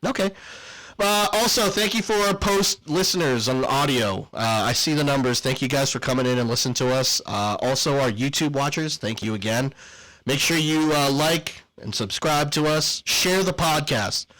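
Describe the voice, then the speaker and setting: A man's voice: mid-range voice, moderate pace, a bit bright, poor audio. A man co-hosting a podcast, reading an ad in a playful, jokey, rambling way with lots of fillers, then signing off casually. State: out of breath. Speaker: podcast co-host. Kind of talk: casual podcast chat and ad read.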